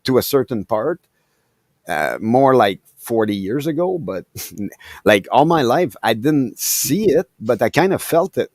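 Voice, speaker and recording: A man from Quebec, as his first tongue, talks earnestly in casual podcast chat. His middle-pitched voice sounds dry and close to the mic. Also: sing-song, dry recording. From Quebec, Canada. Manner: earnest, halting phrasing. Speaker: podcast co-host.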